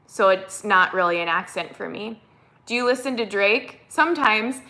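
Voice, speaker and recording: Viewer comments get read aloud and answered as this American woman, who has a Minnesotan accent, chats her way through a casual live stream. Her voice is medium in pitch and sharp in tone, with lively intonation at a moderate pace.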